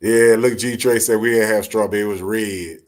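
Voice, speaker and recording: A man hosting a live late-night talk show, chatting casually with a soft-spoken, laid-back, joking manner over a phone line. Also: lowish voice, steady tone, moderate pace. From Orange, Texas. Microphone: phone call into live audio show.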